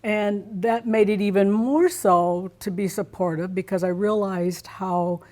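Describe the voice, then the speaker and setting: A middle-aged woman, a guest in an interview, telling a personal story in an animated, expressive way, acting out her own reactions. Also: medium pitch, unhurried.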